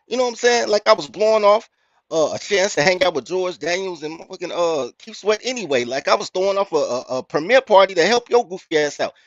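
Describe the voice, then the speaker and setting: A man's voice: on the high side, dry recording. Blunt, profane Chicago man telling stories. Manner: blunt, profane, animated storytelling. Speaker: podcast host. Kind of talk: casual storytelling rant. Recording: dry, muffled lo-fi audio.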